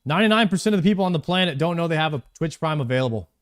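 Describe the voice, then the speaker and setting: A man's voice: fairly high pitch, animated, rapid-fire. A man streaming a video game live, chatting casually and thanking viewers by name.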